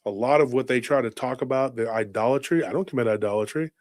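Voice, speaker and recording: A man hosts a casual podcast in a mid-pitched voice. He rambles excitably and keeps firing off rhetorical questions. The recording is dry and close. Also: quick pace, dry recording. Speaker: host.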